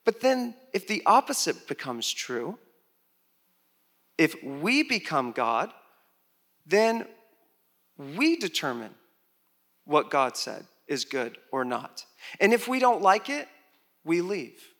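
A man preaching a sermon as pastor, animated, with loud rises, soft drops and chatty asides to the congregation. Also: fairly high pitch, slow pace, pauses often.

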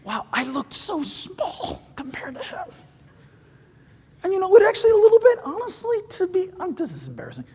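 A man preaching a sermon, animated and storytelling, acting out the voices of others and rising to shouts at high points. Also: moderate pace, in a large hall. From foreign-born, living in southern China. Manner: animated, acts out quoted voices, shouts at peaks; rambling, with frequent restarts in anecdotes.

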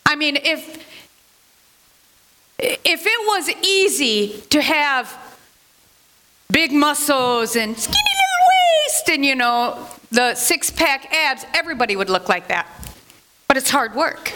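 A woman's voice: sits high, sharp tone. A woman giving a casual sermon as a Bible teacher, chatty, asking herself questions and answering them.

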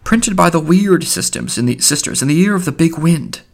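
A man reading an audiobook, voicing a loud, theatrical, mocking young man. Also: on the high side, animated, normal speed, creaky, voice pushed up.

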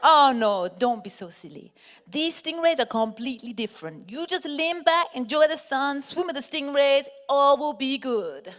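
A laid-back Antiguan boatman, as played by a woman telling a story, brushes off every worry with a breezy, laughing ease. The voice is pitched up and louder than hers and sits a little away from the mic. It sounds relaxed and reassuring, like someone who has spent his whole life on the water. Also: normal speed, big-room sound. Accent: put-on Antiguan. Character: laid-back cheerful Antiguan boat driver, man.

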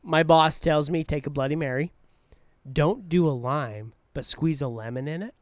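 A man co-hosting a podcast, bantering in an animated way while watching fights. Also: on the high side, moderate pace, dry recording, clean studio sound. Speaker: podcast co-host. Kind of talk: casual chat watching fights.

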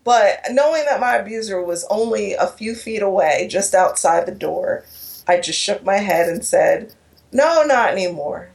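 A woman's voice: medium pitch, animated, normal speed, gravelly, a little mellow. A woman telling an emotional personal story in an interview, earnest, with restarts and quoted dialogue. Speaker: guest speaker.

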